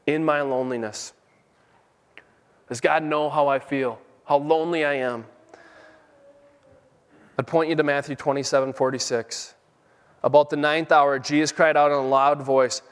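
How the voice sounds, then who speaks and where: A man's voice: fairly high pitch, steady tone, normal speed, pauses often, clean tone. Fervent preacher man in a reverberant hall. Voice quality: fervent, rising to emphatic peaks. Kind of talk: sermon.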